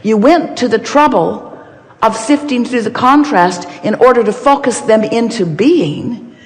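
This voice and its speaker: A woman's voice: a little high, unhurried. A woman giving an inspirational seminar talk, speaking as a collective "we" in an emphatic, playful way. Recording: long reverb of a large hall.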